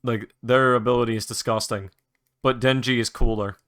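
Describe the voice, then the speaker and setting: A young man talking casually on his own show, drifting from topic to topic with frequent restarts and the odd curse. His voice is bright and forward, and his pitch sits in an ordinary middle range. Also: steady tone, moderate pace, clear, resonant tone. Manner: rambling, restarts, mild swearing, enthusiastic recommendations. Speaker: podcast host. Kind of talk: casual solo chat.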